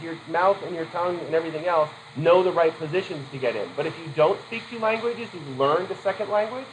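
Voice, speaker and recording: A man with a voice on the high side runs a loose, conversational psychology class, quizzing students and slipping in casual asides as he corrects himself. The audio is low quality, with slight background noise.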